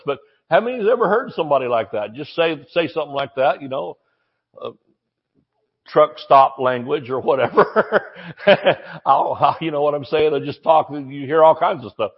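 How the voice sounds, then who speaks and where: A man's voice: a little high, animated, normal speed, husky, lo-fi sound. A man preaching a sermon in a folksy, joking, emphatic way.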